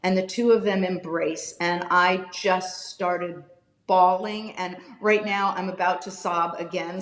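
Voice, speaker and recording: Woman, emphatic, passionate, talking on a video call, echoey room. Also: medium pitch. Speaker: NFL analyst guest. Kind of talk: video call interview chat.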